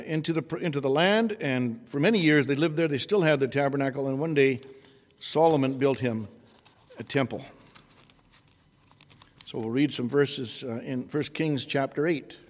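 A man preaching an expository sermon at an unhurried pace, often restarting and correcting himself. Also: a little high, long reverb tail.

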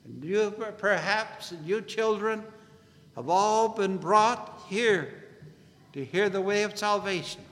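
A man preaching an earnest gospel sermon at a meeting, in a deliberate, measured way. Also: high-pitched, lively intonation, a bit bright. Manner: earnest, slow and deliberate preaching, biblical phrasing. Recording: long hall reverb.

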